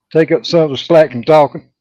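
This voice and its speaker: A man's voice: a little high, dark tone, no room sound, dull audio. A man hosting a casual hobby livestream, out of breath, greeting viewers by name with lots of fillers.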